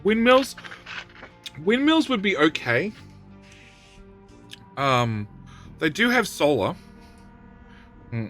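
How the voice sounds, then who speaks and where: A man's voice: high-pitched, sing-song, slow pace, pauses often, fairly bright tone, soft background music. A middle-aged man, live-streaming a game, bossing his in-game units about and bantering loosely with chat. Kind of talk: live gameplay stream, chatting with viewers.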